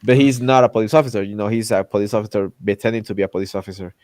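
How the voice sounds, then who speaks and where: A man hosting a casual chat, ranting in an animated way and acting out characters' lines with exaggerated voices. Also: lowish voice, rapid-fire, dry recording. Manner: loose, repetitive restarts while ranting. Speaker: podcast host.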